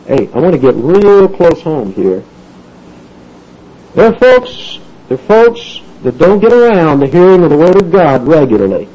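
A man with a husky, mellow voice and a drawl preaches a sermon in a folksy, animated way, acting out the characters in his story at a moderate pace. His pitch swings widely, and the recording sounds dull and lo-fi.

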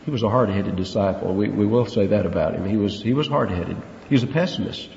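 This man speaks low and quickly, his voice creaky yet a little mellow. He is a preacher working through a Bible passage, stressing words and asking rhetorical questions with earnest emphasis. An echoey hall, a dull lo-fi quality and faint hiss mark the audio.

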